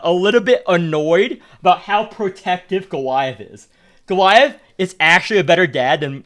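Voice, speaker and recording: High-voiced man ranting while streaming. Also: a bit bright. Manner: blunt, profane, repetitive ranting. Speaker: game streamer. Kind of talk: casual stream commentary.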